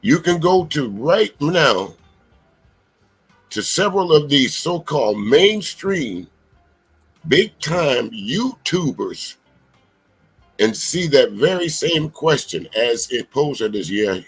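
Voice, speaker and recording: A man's voice: a little high, takes it slowly, long pauses, breathy edge, soft background music, rough recording. A man hosting a live political commentary stream, talking emphatically and bluntly to his viewers. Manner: animated, emphatic, profane, talks straight to viewers. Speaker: commentary channel host.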